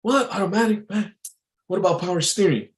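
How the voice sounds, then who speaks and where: A man's voice: sits high, a little fast, reverberant, voice pushed up, lightly acted. A man putting on the voice of a boastful old man in his eighties, raised and teasing. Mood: surprised.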